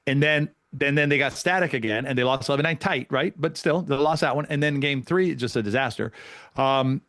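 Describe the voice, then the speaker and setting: Fast-talking man coach. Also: mid-range voice, no echo, clean studio sound. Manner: fast, animated storytelling with many restarts. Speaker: pickleball coach and guest. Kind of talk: casual podcast conversation.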